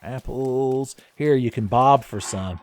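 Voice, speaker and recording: A man's voice: medium pitch, slow, soft background music. Jokey rambling man playing a game. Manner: rambling, jokey, laughs often. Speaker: let's play host. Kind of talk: casual gameplay commentary.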